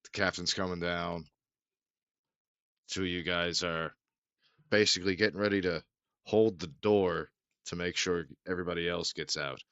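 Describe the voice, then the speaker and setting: A man's voice: low-pitched, steady tone, normal speed, pauses often, fairly bright tone, dry recording. A man narrating as game master in a loose, swearing, laugh-prone way, recorded on a dull lo-fi mic.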